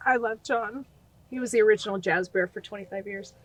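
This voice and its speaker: A middle-aged woman speaking earnestly as a guest on a podcast interview, telling stories with animated energy. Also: mid-range voice, fairly quick, poor audio. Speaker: guest, nonprofit founder.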